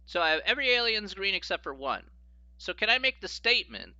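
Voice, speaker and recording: Giggly, animated man teaching logic. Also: high-pitched, fairly quick, dry recording, dull audio. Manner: giggly, keeps breaking into laughter while explaining; reacts to viewer chat. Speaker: math teacher streaming a lesson. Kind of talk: live-streamed logic lesson.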